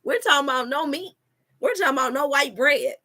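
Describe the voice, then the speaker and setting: A woman speaks to her online viewers in a fairly high, bright voice. She preaches with emphatic repetition and scripture references, addressing the audience as "you all.". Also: animated, a little fast. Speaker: wellness coach and channel host. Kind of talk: live-stream preaching talk.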